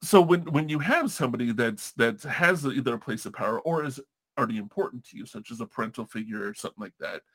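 A man's voice: mid-range voice, animated, fast, a bit bright, husky. A man hosting a casual podcast chat, talking candidly and profanely, rambling through restarts.

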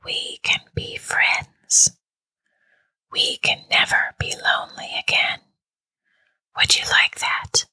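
A woman's voice: takes it slowly, long pauses, no room sound. Eerie whispering phone voice, unvoiced whisper, lonely, coaxing, woman performing it, spooky story. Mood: pleading whisper. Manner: soft, pleading, quietly commanding.

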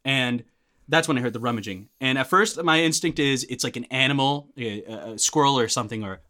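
A young man, a podcast guest, telling a story in casual chat, animated and full of likes and restarts. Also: medium pitch, brisk.

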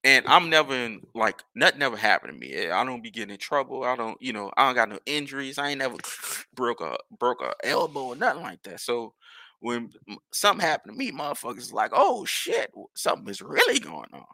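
Gravelly, animated New man. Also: medium pitch, fast talker, no room sound, clean studio sound. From New Orleans. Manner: rambling, animated, profane storytelling. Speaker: podcast host. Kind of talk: casual storytelling.

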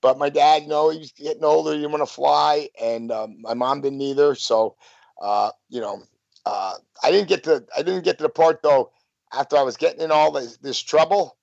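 A man in his fifties spins loose, rambling stories as an interview guest, stumbling through restarts and filler. His voice sits a little high and gravelly. The sound is dry and dull, lo-fi. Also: fairly even intonation, moderate pace, a little mellow, no echo. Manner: rambling, full of "you know" and restarts. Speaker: guest, former pro wrestler. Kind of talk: casual storytelling interview.

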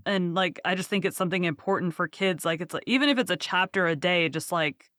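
A woman's voice: lowish voice, fast talker, a bit bright, no room sound, studio quality. A woman in her thirties hosting an interview, talking casually with many fillers. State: mother of a young child. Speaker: podcast host.

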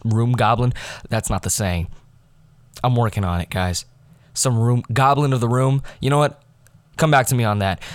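Teenage boy, solo podcast host, rambling, loses his thread, dry close sound, mid pitch. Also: no room sound. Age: teens. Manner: scatterbrained, loses his train of thought, self-correcting. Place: his room at home.

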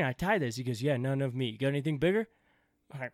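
A man's voice: medium pitch, fast talker, pauses often, no echo, clean studio sound. A man hosting a podcast in casual chat, telling stories with energy, acting out quoted dialogue and swearing freely. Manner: animated storyteller, acts out quotes, swears freely. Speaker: podcast host.

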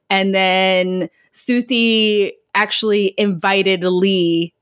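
A woman's voice: mid-range voice, measured pace, hardly any pauses, no echo. Young woman chatting on a podcast, dry sound. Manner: animated storytelling with laughs and quoted voices. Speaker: podcast co-host. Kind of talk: casual chat, retelling a news story.

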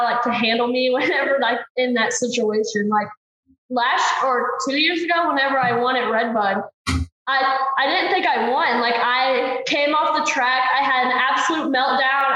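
A woman's voice: high-pitched, bright, forceful tone. A young adult woman racer answering interview questions in a chatty way, full of "like" fillers. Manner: chatty, filler-heavy with constant "like". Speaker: ATV racer. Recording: very echoey, dull lo-fi sound.

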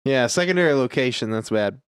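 A podcast co-host joking and bantering in casual chat, swearing freely. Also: male voice, medium pitch, lively intonation, a little fast, smooth.

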